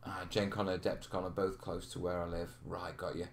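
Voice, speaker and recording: A man's voice: low-pitched, flat delivery, a little fast, a little hiss or hum. A man hosting a live question stream, chatting casually, laughing and reading out viewer comments. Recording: roomy echo.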